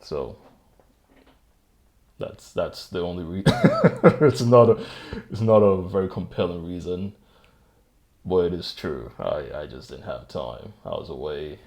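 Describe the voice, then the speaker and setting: Low gravelly man rambling on his podcast. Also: a little slow, pauses often, mellow. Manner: rambling, self-mocking, chuckles often. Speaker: podcast host. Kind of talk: solo podcast chat. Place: home desk setup. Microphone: desk microphone.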